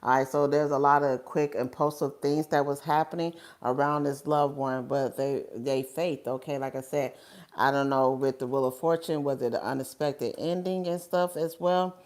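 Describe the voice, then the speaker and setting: Low voiced lady doing a tarot reading, chatty and rambling, keeps saying okay and stuff. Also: fairly even intonation, moderate pace, darkish tone. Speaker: tarot reader.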